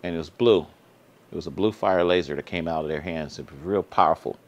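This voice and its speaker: A man hosting his own vlog, telling a personal story in casual slangy speech, earnest and repetitive, his voice climbing high when he gets excited. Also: fairly quick, highs cut off. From Sacramento area. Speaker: vlog host.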